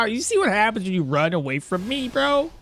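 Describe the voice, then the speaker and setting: Animated streamer, lively swinging pitch. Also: creaky. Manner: animated, laughing, trailing off and restarting mid-sentence. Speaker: game streamer. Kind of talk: casual live gameplay commentary.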